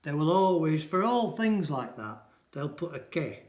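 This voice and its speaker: Man, language teacher, repeats and translates phrases, fairly high voice, roomy echo. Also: very animated. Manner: explains phrases by repeating them slowly and translating. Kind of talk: casual language lesson. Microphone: camera mic.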